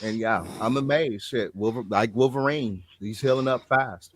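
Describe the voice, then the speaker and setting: A man hosting a casual chat, telling a story in an animated way and loudly acting out what people said. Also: medium pitch, normal speed, hardly any pauses, no echo. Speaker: show host.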